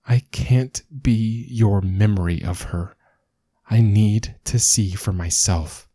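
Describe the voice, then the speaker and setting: Man voicing a soft-spoken defiant son. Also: lowish voice, expressive, slightly rough, dry recording. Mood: quiet resolve. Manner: speaks softly, slowly. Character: young man, son, defiant but gentle.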